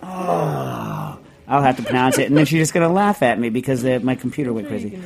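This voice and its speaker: A man's voice: medium pitch, huge pitch swings, brisk, vocal fry, crowd noise. A man hosting a casual food radio show, rambling with many restarts and reading listener letters aloud. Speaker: podcast host.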